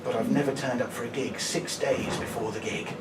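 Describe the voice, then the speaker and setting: A male stand-up comedian from Brighton, England, telling a chatty story and keeping checking in with the crowd with "right?". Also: mid-range voice, fairly quick. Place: small fringe comedy venue, indoors. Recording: echoey venue, distant, audience laughter. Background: audience laughing.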